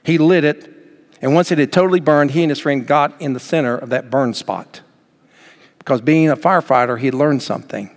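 A male pastor delivers a sermon in a church sanctuary, his voice ringing with a long hall reverb. He is emphatic and climbs to near-shouts when he drives a point home. His pitch sits in the ordinary middle range for a man. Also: a little fast.

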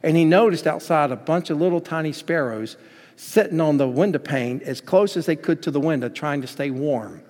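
A pastor preaching with emphasis, acting out the lines he quotes. His voice sits a bit high for a man, and it rings out with a long reverb tail. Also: normal speed, darkish tone. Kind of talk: sermon.

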